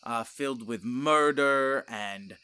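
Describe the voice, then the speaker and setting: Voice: mid-range voice, slow, sharp tone, clear, resonant tone, no echo. A performer playing an evil goose-feathered supervillain man with a German accent, menacing and grandiose, in broken English. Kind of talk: improvised comedy character interview.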